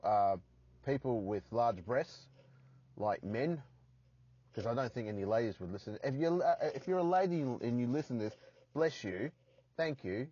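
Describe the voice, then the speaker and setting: A man's voice: medium pitch, a little mellow, breathy edge, no room sound, dull audio. An Australian man hosting a solo podcast from his parked car, rambling and poking fun at himself with crude jokes. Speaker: podcast host.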